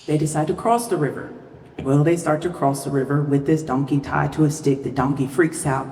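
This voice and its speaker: A woman's voice: low-pitched, fairly quick, recorded from a distance, slight background noise. Woman telling a story on a live stage. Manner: lively, folksy storytelling. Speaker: guest speaker. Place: stage at a live show in a large venue. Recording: echoey hall, voice from afar.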